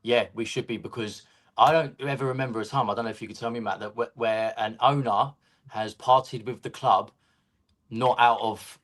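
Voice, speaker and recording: A man's voice: medium pitch, steady tone, moderate pace, fairly bright tone. A man, a guest on a fan show, talking passionately in long runs about his club. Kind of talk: casual fan discussion.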